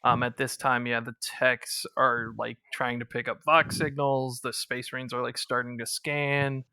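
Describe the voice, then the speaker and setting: A man's voice: medium pitch, flat delivery, measured pace, sharp tone, clear, resonant tone, no room sound, clean studio sound. A man acting as game master, describing scenes in a casual way with many fillers. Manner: casual, filler-heavy explaining. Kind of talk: narrating a tabletop game.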